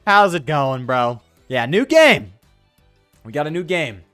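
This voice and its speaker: A man's voice: a little high, sing-song, a little slow, a bit bright, no echo, soft background music. A man doing casual, jokey commentary while he plays a game, using crude slang and reading the on-screen text aloud. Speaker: let's play streamer.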